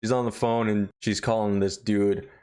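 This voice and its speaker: A man's voice: on the low side, little pitch movement, normal speed, a little mellow, clear, resonant tone. A young adult man reviewing a horror series in a casual, profane, rambling joking style.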